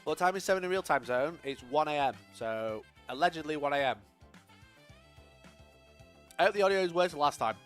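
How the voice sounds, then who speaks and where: A man's voice: on the high side, animated, brisk, pauses often, soft background music. A young man from Sheffield, chatting casually to his live-stream audience, swearing freely and laughing often. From Sheffield, England. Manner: sweary, laughs often, swings loud and quiet.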